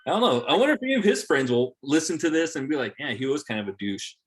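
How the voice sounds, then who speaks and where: A man's voice: fairly high pitch, big pitch swings, fast talker. A man in his thirties, a podcast guest, telling stories in casual chat, swearing and repeating words as he goes. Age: 30s.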